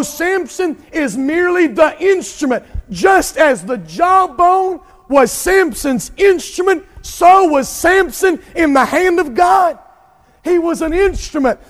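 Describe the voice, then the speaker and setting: This is an impassioned sermon from a male pastor whose voice is very high-pitched. Speaking in a large hall, he lingers on emphatic phrases and rises to shouts.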